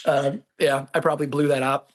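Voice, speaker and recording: A man in his forties recounts his time as a Marine in easygoing conversation. He talks in an ordinary mid-range voice, but his delivery is animated, full of laughter and quick acted-out quotes. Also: medium pitch. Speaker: guest, former Marine. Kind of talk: conversational storytelling.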